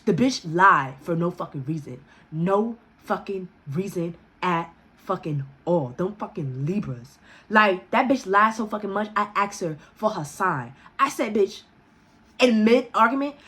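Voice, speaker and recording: A young woman vlogger telling a casual story, full of cussing and quick to laugh. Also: lowish voice. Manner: profane, animated, breaks into laughter.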